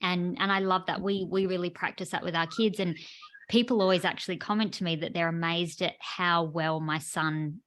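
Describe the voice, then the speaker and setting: A woman in her thirties co-hosting a podcast, talking casually and agreeing warmly, with many "like" fillers. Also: lowish voice, fairly even intonation, normal speed. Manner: chatty, warm agreement, frequent "like" fillers. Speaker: podcast co-host. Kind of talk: casual conversational chat.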